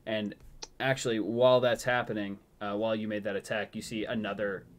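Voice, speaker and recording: A man's voice: lowish voice, flat delivery, fairly quick. A man narrating as game master of a tabletop game, rambling with many fillers.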